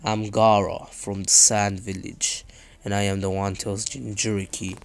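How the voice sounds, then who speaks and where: A man voicing a quiet, serious young ninja. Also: lowish voice, level tone, a little slow, creaky, voice pushed down. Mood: calm.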